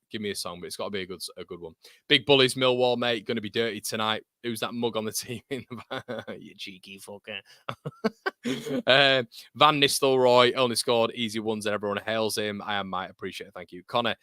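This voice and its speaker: A lively young man from England hosts a football watchalong stream, chatting fast and reading viewer messages. His voice sits fairly low but sounds bright and forceful. The sound is close and dry, with little room echo. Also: clear, resonant tone. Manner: excitable, swears, calls viewers mate. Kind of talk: live stream chat reading viewer comments.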